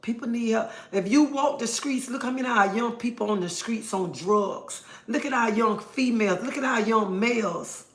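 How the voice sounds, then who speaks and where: A middle-aged woman with a fairly high voice speaks at normal speed, barely pausing at all. Hosting a casual livestream monologue in an echoey room, she's earnest and preachy, repeating her points to stress them.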